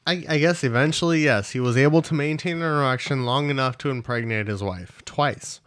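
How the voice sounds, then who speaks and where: A man's voice: mid-range voice, fairly quick, fairly bright tone, no echo, clean studio sound. A man co-hosting a casual podcast, telling stories in a laid-back way with swearing and hesitant fillers. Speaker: podcast co-host. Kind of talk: casual crude podcast chat.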